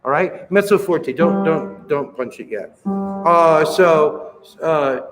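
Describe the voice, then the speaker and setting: A man's voice: on the high side, slow pace. A man conducting a choir rehearsal, counting beats aloud, encouraging the singers and singing bits to show them. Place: rehearsal hall. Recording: roomy rehearsal hall with music.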